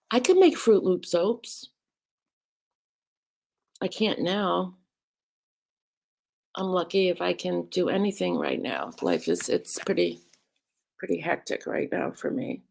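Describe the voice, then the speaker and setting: A woman's voice: lowish voice, big pitch swings, takes it slowly, vocal fry, pauses often, darkish tone. A woman live streamer chatting casually, rambling and greeting viewers by name.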